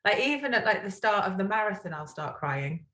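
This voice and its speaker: A woman's voice: medium pitch, very animated, fairly bright tone. A woman co-hosting a podcast, emotional and talkative, often checking in with "right?". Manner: emotional, quick, talkative, tags remarks with "right?". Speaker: podcast co-host. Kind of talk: casual chat. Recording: roomy echo.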